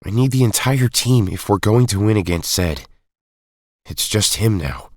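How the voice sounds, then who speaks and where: A young man voicing a steady young team leader in an audio drama, earnest and reassuring. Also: on the low side, moderate pace, dry recording, clean studio sound.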